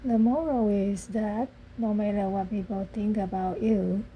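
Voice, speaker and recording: A woman reading a children's picture book aloud, slow and deliberate, giving the animals little voices. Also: mid-range voice, steady tone, mellow, slight background noise. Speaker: storybook reader.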